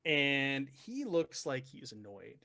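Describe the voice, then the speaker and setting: A man narrating as game master of a tabletop horror game, animated and prone to stumbling restarts. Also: mid-range voice, slow, dry recording.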